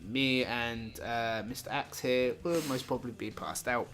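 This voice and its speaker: A man's voice: mid-range voice, fairly even intonation, measured pace, fairly bright tone. A young British man hosting a casual review chat, rambling and laughing often as he corrects himself. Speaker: YouTube reviewer and host.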